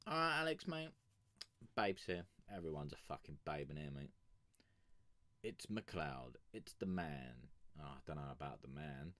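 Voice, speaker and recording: A man's voice: rumbling low, lively intonation, unhurried, sharp tone, no echo. A man chatting casually and crudely with his live-stream audience, rambling and joking on a sugar rush. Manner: profane, rambling, joking banter with chat. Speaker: music review streamer.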